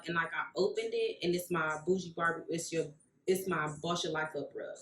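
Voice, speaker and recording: A woman's voice: on the low side, brisk, slight background noise. A woman tells a long personal story in a casual vlog, acting out the voices of the people in it. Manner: animated storyteller, acts out quoted voices. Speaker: vlogger, rug maker. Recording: echoey room.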